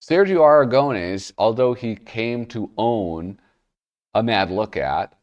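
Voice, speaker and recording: Male host, lowish and expressive, chatty magazine flip-through, slightly off-mic. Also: slow pace, far from the mic, lo-fi sound. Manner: rambling, self-interrupting, chuckling asides. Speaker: comic magazine reviewer, show host. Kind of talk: casual commentary while flipping pages.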